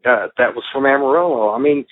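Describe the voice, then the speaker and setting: A man's voice: mid-range voice, fast. A man telling wrestling stories in casual chat on a radio call-in show, rambling and laughing as he goes. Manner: animated, laughing, rambling with fillers. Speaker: wrestling guest. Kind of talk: casual storytelling. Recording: phone-line call-in audio.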